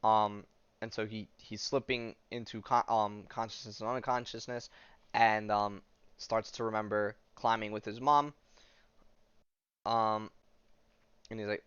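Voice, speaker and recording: A man hosts a podcast, walking through a comic story in a loose, meandering way, stopping often on "um" and "like." His voice is smooth and sits at a middling pitch. The sound is dry and slightly dull and lo-fi. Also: level tone, a little slow, long pauses, fairly bright tone, no room sound. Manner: hesitant, full of ums and likes. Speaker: podcast host. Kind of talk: casual comic book recap, reading passages aloud. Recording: dull lo-fi audio.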